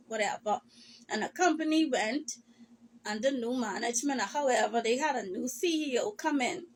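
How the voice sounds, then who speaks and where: Woman, high voice, emotional testimony, sometimes tearful. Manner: impassioned, repetitive, addresses listeners as "people of God".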